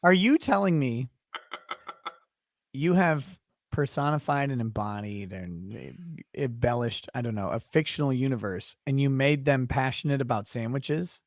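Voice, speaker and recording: A man hosting an interview over a video call, asking playful, quick questions. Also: mid-range voice, dry recording. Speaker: host. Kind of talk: casual interview chat.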